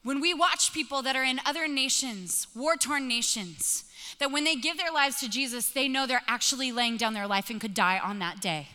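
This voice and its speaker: Bright, high-voiced woman preaching. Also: normal speed. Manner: animated storytelling, acts out dialogue. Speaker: pastor. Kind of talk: sermon with personal story. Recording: long reverb of a large hall.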